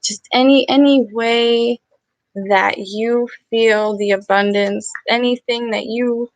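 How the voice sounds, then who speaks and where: A woman guides a gratitude meditation in an earnest, heartfelt way, often circling back to the same affirmations. Her voice sits a little high with a gravelly, fry-touched edge. The sound is dry and close, with no room around it. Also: fairly even intonation, slow pace, dry recording. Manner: earnest, emotional, repeats affirmations. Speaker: meditation livestream host.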